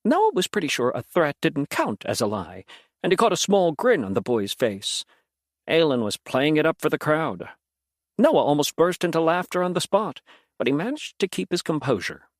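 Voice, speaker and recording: Expressive male fantasy narrator, lively delivery, dry booth sound. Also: on the high side, moderate pace, no room sound. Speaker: audiobook narrator.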